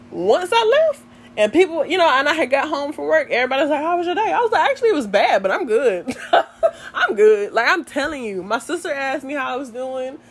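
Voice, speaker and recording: Chatty young woman talking to her viewers. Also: on the high side. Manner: chatty, animated storytelling, addresses viewers as y'all. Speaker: vlogger. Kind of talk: casual chat to viewers.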